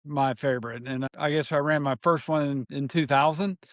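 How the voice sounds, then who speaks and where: A man in his sixties tells a story as a podcast guest, his voice sitting a little high for a man. He is recorded close and dry, with no room sound. He brings the story alive by acting out the people in it. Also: moderate pace, no echo. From Dallas area, Texas. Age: 60s. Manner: animated storyteller acting out quoted dialogue. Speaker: guest, marathon runner and physician.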